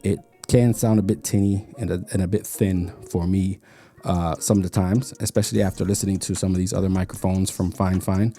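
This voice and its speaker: Casting note: deep-voiced man, relaxed tech reviewer, faint music underneath. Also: a little fast. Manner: relaxed, explanatory, repeats words while thinking. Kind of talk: casual product review. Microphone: studio microphones being compared.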